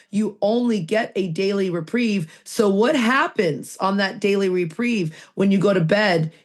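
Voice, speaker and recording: A woman's voice: mid-range voice, darkish tone. A woman co-hosting a recovery podcast, talking emphatically and answering her own rhetorical questions. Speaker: podcast co-host. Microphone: video call mic.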